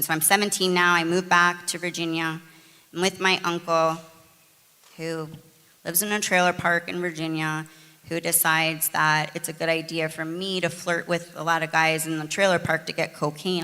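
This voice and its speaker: A middle-aged woman from the United States, candidly telling her recovery story in a chatty, animated way, full of fillers and restarts. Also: low voice, gravelly, long reverb tail. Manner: conversational, frequent fillers and restarts, animated retelling. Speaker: guest sharing her recovery testimony.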